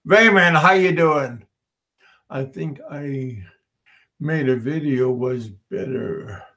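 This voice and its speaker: A man hosting a casual livestream, reading viewer comments aloud and answering them in a halting way, with frequent repeats and restarts. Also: medium pitch, bright, forceful tone. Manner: slow, chuckling, talks back to chat. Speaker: livestream host.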